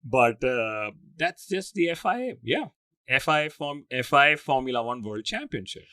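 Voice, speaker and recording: A man's voice: medium pitch, animated, moderate pace, bright, forceful tone, no echo, clean studio sound. A man co-hosting a podcast, chatting in a blunt, opinionated way with touches of self-aware humor. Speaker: podcast co-host. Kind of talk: casual podcast chat.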